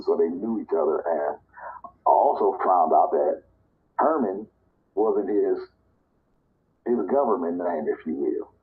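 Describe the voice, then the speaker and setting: Man from Nebraska telling a story by phone. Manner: relaxed, conversational, acts out quoted dialogue in a higher voice. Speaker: storyteller in a live audio chat. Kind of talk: casual personal storytelling. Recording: tinny phone-line audio.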